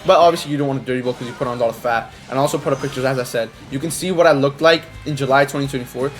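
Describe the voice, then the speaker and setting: A teenage man chatting casually over gameplay in a slangy, rambling way, with sudden excitable outbursts. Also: mid-range voice, racing, soft background music. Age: teens. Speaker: gaming creator.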